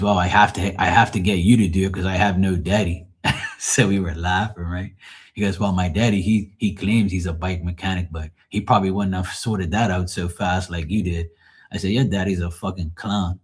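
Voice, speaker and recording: A man with a very low, husky voice talks casually on his livestream. He rambles through everyday stories, swearing freely and livening up when he quotes other people. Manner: profane, rambling, animated when quoting others. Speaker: livestream host. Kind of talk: casual storytelling chat.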